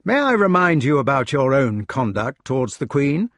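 Narrator as a proud champion knight, cold and curt, lively read, dry recording. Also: male voice, medium pitch, moderate pace, no room sound. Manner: cold and clipped.

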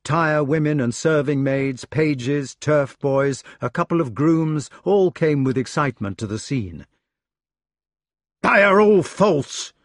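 A man's voice: mid-range voice, measured pace, few pauses, no echo, clean studio sound. A man reading a novel aloud as an audiobook narrator, telling the story expressively. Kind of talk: scripted narration.

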